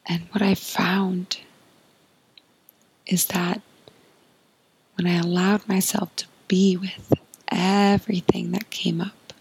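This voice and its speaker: A woman hosting a podcast, giving a soft, earnest spiritual monologue in a breathy, often whispered voice. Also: on the low side, little pitch movement, slow pace, long pauses, no echo, poor audio. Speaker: podcast host.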